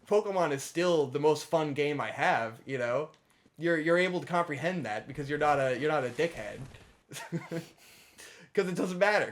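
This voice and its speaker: A young man co-hosting a let's play, giving casual gameplay commentary in a profane, ranting way that swings from mumbling to shouting. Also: fairly high pitch.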